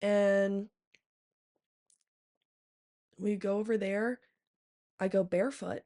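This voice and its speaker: A woman's voice: medium pitch, steady tone, slow, mellow. A young woman vlogger telling a long personal story in a rambling casual chat, full of fillers and swearing. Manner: rambling, heavy use of "like" and "um", profane.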